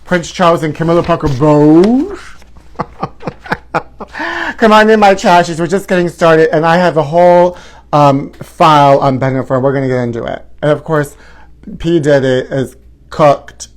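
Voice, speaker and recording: A man's voice: a little high, normal speed. A man in his forties hosting a live gossip talk show, flamboyant and sassy, calling his viewers honey. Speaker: host.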